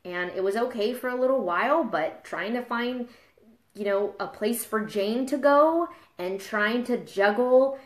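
In a casual live video, a mom and fitness trainer in her thirties talks candidly and confessionally, getting emotional. Her voice is a little high and unhurried, and the room echoes.

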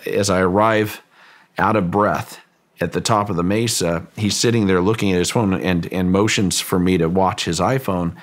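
Deep-voiced man telling a story haltingly. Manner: halting, often repeats words while telling a story. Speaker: guest, ranch owner recounting a story. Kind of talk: interview storytelling.

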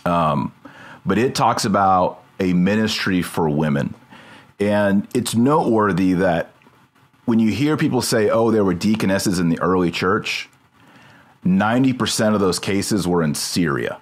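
A man's voice: deep voice, unhurried. A man hosting a podcast, talking through a subject casually and checking terms as he goes. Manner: thinks aloud, checks terms mid-sentence. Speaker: podcast host. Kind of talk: casual discussion.

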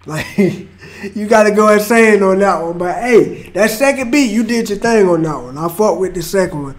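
A man's voice: sits high, lively intonation, moderate pace. A man hosting a reaction video, reacting to a freestyle in laid-back slang and hyping up the rapper. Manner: laid-back slangy hype, calls people bro. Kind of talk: casual reaction commentary.

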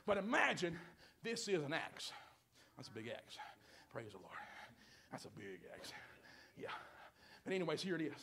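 A man preaching a holiness sermon in a church, building up to shouts and drawing calls of amen from the room, sometimes drifting away from the mic. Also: fairly high pitch. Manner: rising to shouts, call-and-response preaching. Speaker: pastor. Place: church sanctuary.

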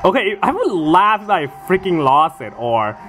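An excitable gamer talks through their own match in casual let's-play commentary, jumping between short, broken phrases. The pitch leaps up and down a lot, and they swear and laugh easily. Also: normal speed, music in the background.

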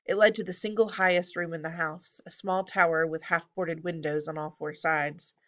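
A woman narrates a children's fantasy book in a steady, even manner. Her voice sits a little low but sounds bright and crisp. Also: moderate pace. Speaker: audiobook reader. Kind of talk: storybook narration.

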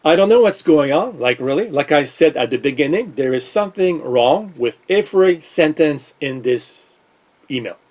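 A man with a French accent runs a casual tech vlog, speaking straight to his viewers. His voice sits a little high for a man. He sounds exasperated and incredulous, thinking out loud as he talks. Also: animated, moderate pace. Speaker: tech vlogger. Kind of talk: casual commentary to camera.

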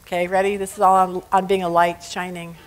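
A woman teaching a casual Bible study lesson, animated, often laughing and acting out little scenes. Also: fairly low pitch, brisk, music in the background, rough recording.

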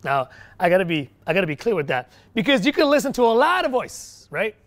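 A male pastor preaching a sermon, swinging from quiet, low stretches to loud, emphatic bursts, with frequent restarts. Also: big pitch swings, a little fast.

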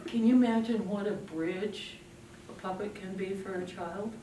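A woman's voice: mid-range voice, normal speed, a little hiss or hum. Woman teaching parents in an echoey room. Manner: animated, acts out scenes with a puppet. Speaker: parenting speaker. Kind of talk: workshop talk to an audience. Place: room with a live audience. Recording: echoey room from a distant mic.

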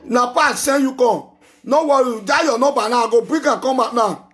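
A man with a Nigerian Pidgin English accent hosting a live call-in show, loud, scolding and repetitive. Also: extremely high pitch, moderate pace. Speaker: talk show host taking calls.

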